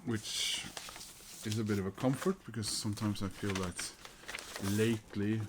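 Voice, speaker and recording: A middle-aged record collector vlogger talks through his haul in a lowish, steady voice at a moderate pace, with background noise present. He's hesitant, chuckles, and uses plenty of fillers and restarts.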